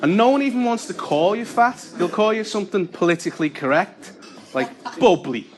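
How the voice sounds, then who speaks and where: A young man doing a stand-up comedy set, deadpan, breaking into loud character voices. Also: high-pitched, a little fast. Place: comedy club with audience laughter. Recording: live gig with audible noise.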